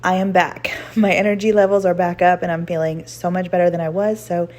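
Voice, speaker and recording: A woman's voice: lowish voice, little pitch movement, brisk, darkish tone. A woman vlogging in a chatty, upbeat way, saying "y'all" and "girl", and at times out of breath from walking. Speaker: weight-loss vlogger. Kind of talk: casual chat to camera.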